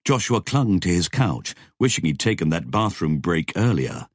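A man with a husky voice reading a novel aloud as scripted narration, measured and even. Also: deep voice, no room sound, clean studio sound. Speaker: audiobook narrator.

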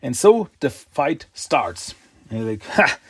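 A man's voice: medium pitch, very animated, slow, slightly rough, no room sound. A man casually recapping a comic book story, rambling along with restarts, second-guessing himself and chuckling.

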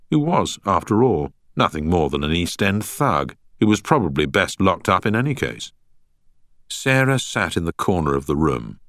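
A man reads an audiobook in a measured, expressive style. His voice is very deep yet moves through a lively range of pitch. The recording is dry and close. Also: dry recording. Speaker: audiobook narrator. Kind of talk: scripted narration.

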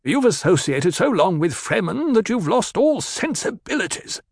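A man voicing a sneering, fearful middle-aged male banker with a stiff, rasping drawl, in a storybook reading. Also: a little high, sing-song, measured pace, dry recording, studio quality, pitched above the performer's own voice, heavily acted. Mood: angry.

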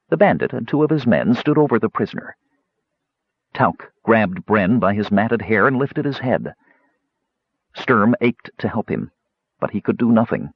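A man narrates an audiobook with a low, husky voice that moves up and down expressively. He reads slowly and dramatically. The recording is dry and a little muffled. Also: lively intonation, no room sound. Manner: measured, dramatic.

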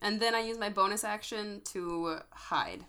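A young adult woman playing in a tabletop game, cheerful and quick to joke. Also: medium pitch, pushed and bright, a little hiss or hum. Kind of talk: casual game chat.

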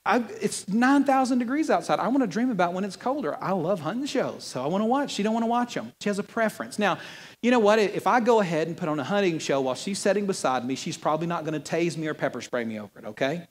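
A male pastor preaching a sermon in a church in an animated, conversational way with playful asides. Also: sits high, quick pace, in a large hall.

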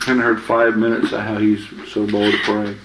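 A man's voice: on the low side, monotone, fairly quick, very noisy. A man giving informal Bible teaching in a chatty, anecdotal way, often laughing. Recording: echoey room with faint ambience.

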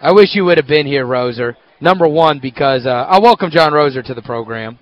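A man hosting a sports radio show, telling stories in an animated, casual way. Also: a little high, brisk, highs cut off. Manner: animated storyteller, excitable. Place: hotel at a media event.

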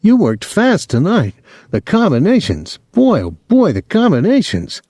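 A man voicing an excitable young male sidekick who eggs on a crowd, in a novel reading. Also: a little high, takes it slowly, dry recording, studio quality, pitched above the performer's own voice, exaggerated voice. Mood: excited. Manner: excited, loud, showy.

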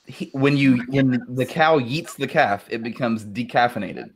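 A young man hosting a casual talk show who reads listener jokes at a quick clip, laughing often and swearing freely. His voice sits at an ordinary pitch for a man. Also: slight background noise. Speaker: show host.

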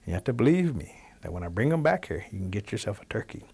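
A man's voice: lowish voice, very animated, mellow, breathy edge, heavily acted. A man voicing a sly, scheming male rabbit trickster in a spoken folk tale. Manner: quick, coaxing, scheming.

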